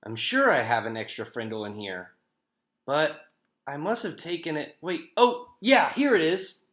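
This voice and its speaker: A man's voice: lowish voice, wildly swooping pitch, fairly quick, sharp tone, full character voice. A man voicing an eager schoolboy who puts on a theatrical show, reading a children's book aloud. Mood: showy. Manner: over-the-top, showy.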